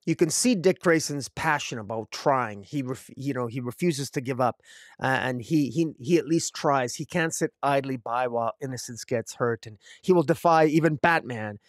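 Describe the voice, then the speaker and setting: A man's voice: mid-range voice, normal speed, dry recording, clean studio sound. A man reviewing comic books alone, rambling with many fillers and restarts. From Canada. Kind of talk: casual solo review.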